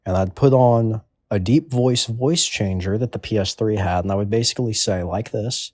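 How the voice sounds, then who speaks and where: A man in his twenties with a lowish voice, rambling through a crude comedic monologue in an offhand manner. The recording is dry and close, with no room sound. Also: normal speed, darkish tone, no room sound. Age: 20s. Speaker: comedic storyteller.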